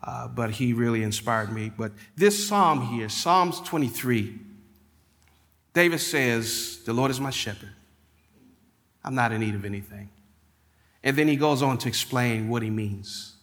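A man's voice: mid-range voice, expressive, a bit bright. Man preaching in a reverberant hall. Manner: builds to emphatic, drawn-out declarations. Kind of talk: sermon.

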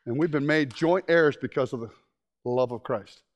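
A man preaching a sermon, telling stories in an animated way with frequent restarts. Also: mid-range voice, moderate pace.

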